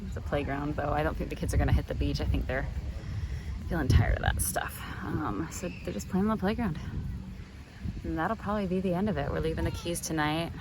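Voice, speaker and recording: A woman's voice: low-pitched, brisk. A woman chatting casually as a mother vlogging her family trip, with lots of ums and restarts, outdoors on the water. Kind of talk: casual family travel vlog. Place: outdoors on a paddle board on the water. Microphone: handheld camera. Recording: outdoor camera audio with loud water noise.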